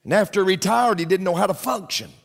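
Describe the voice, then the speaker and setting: A man's voice: high voice, fast talker, creaky, long reverb tail. A male pastor preaching a sermon in an emphatic style, repeating his phrases and speaking straight to the congregation. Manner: emphatic, repetitive preaching with frequent asides to the congregation.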